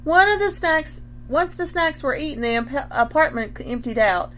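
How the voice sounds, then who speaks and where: A woman's voice: high-pitched, normal speed, a little hiss or hum. Woman reading a picture book aloud. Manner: expressive, stops to ask questions and point at pictures. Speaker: read-aloud reader.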